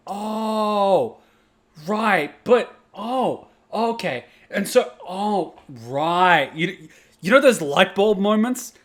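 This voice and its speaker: A man hosting a casual reaction video, animated and outspoken, swearing and laughing as he talks. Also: fairly high pitch.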